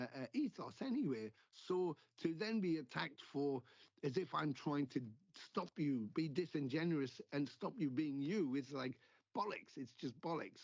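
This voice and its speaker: A middle-aged man from England, a guest musician in a casual interview, telling stories with lively acted-out quotes and plenty of swearing. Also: mid-range voice, no echo. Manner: animated storyteller, acting out quoted exchanges, swears freely. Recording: dull lo-fi sound.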